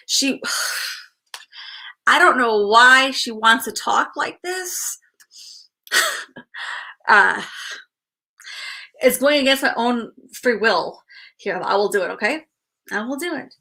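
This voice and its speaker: A woman talks through a spirit reading at an unhurried pace. Her voice sits a little high and rings bright. She hesitates and restarts often, filling gaps with fillers, and stays frank with easy laughs. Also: vocal fry. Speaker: psychic medium.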